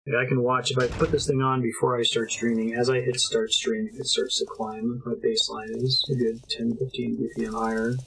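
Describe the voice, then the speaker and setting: A man's voice: medium pitch, flat delivery, a little fast, gravelly, few pauses, fairly bright tone, slight background noise, rough recording. Chatty man streaming a horror game. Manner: chatty, talks to chat while playing, swears at the game. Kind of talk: casual live-stream commentary. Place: home streaming setup.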